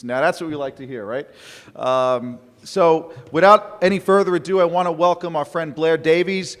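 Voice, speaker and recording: Male conference host, friendly halting intro, somewhat high voice, hall echo. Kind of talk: introducing a speaker. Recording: long hall reverb.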